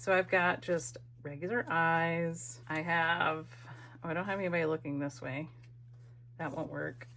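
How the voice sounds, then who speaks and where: Woman craft host, middle-aged, low voice, unhurried, chatty and self-mocking. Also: fairly even intonation, a bit bright, a little hiss or hum. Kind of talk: casual crafting narration.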